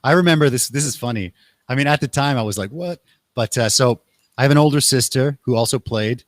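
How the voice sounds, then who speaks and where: Young guy hosting a chat, animated storyteller, mid pitch, dry close sound. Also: quick pace, no room sound. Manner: animated, acts out quotes in raised voices. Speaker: podcast host. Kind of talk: casual conversational storytelling.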